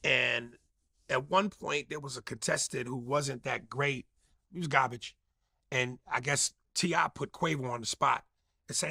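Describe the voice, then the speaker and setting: A man's voice: medium pitch, unhurried, creaky, sharp tone, slightly rough, no echo, studio quality. A man in casual debate, talking emphatically and profanely and mimicking the way others speak.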